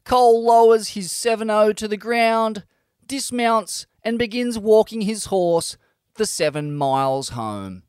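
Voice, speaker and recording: A man narrates a scripted story in a high, smooth, resonant voice. His delivery is measured and steady. The close mic gives a dry, upfront sound. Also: dry recording. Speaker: podcast narrator.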